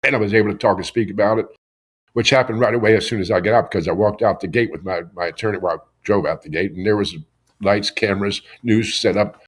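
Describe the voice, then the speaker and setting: A man's voice: on the low side, fast talker. A middle-aged man from Pennsylvania telling his own story in a podcast interview, earnest and often repeating words as he starts a sentence. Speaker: interview guest. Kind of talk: conversational storytelling.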